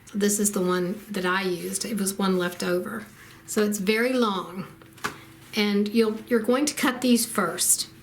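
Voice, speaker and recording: A woman's voice: medium pitch, background noise. A middle-aged woman giving a casual quilting tutorial, explaining each step plainly with frequent ums. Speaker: quilting instructor.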